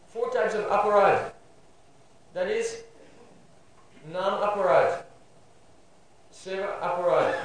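High-voiced man lecturing in an echoey room. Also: a little hiss or hum. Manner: checks in with listeners with a questioning "hmm?". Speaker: spiritual teacher giving a class. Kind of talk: devotional lecture. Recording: very echoey room, voice far from mic.

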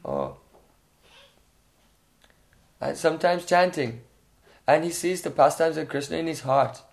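Man giving a slow devotional lecture. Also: on the high side, vocal fry. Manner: frequent questioning "hmm?" to listeners; unhurried, reflective storytelling. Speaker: spiritual teacher.

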